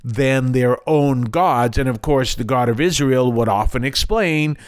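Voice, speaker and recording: A man's voice: medium pitch, a little slow, clear, resonant tone. Earnest older man reflecting on scripture. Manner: earnest, explanatory with frequent asides. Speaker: radio program host.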